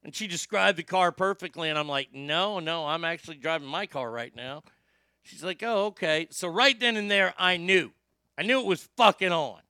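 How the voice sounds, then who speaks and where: A man hosting a talk show, telling a profane story loudly and emphatically. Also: high-pitched, lively intonation, moderate pace, clear, resonant tone, no room sound, clean studio sound. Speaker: radio show host.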